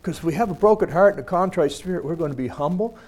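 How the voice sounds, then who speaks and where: A man's voice: on the high side, fast, a little mellow. A man teaching a scripture lesson, reading verses aloud and then talking them over in a plain, conversational way. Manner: many fillers and restarts.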